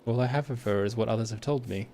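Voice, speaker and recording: A man reading a kindly middle-aged male innkeeper from a video game in a gentle, measured way close to his own voice. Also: mid-range voice, a little hiss or hum, lightly acted.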